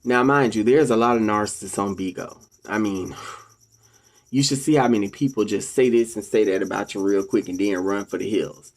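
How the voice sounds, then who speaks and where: A casual monologue from a vlogger speaking straight to viewers. The delivery is preachy and sermon-like, with repeated calls to ladies and gentlemen. Quoted voices are acted out higher and louder. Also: normal speed. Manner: acts out quoted people in a raised voice.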